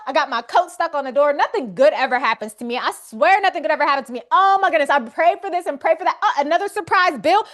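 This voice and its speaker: A woman's voice: very high voice, fairly bright tone, voice pushed up. A woman acting out an exasperated, self-pitying tired mother who complains about everything.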